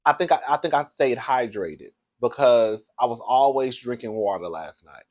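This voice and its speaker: A man's voice: mid-range voice, expressive, normal speed, a little mellow, highs cut off. A man chatting casually to his viewers, campy and playful, full of laughs and calling everyone girl and baby. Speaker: vlogger. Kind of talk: casual chat to camera. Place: hotel room.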